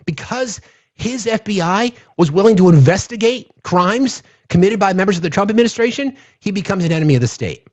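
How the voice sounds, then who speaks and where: Husky, heated, profane male livestream host. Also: high voice, expressive, fairly quick. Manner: profane, heated, repeats himself. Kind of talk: angry political rant on a livestream.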